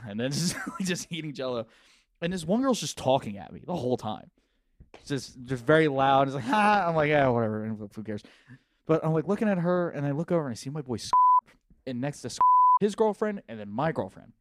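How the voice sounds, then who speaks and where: A podcast host with a mid-range male voice tells a party story in casual chat, laughing often, swearing, and acting out what people said. The recording is studio quality with no room sound.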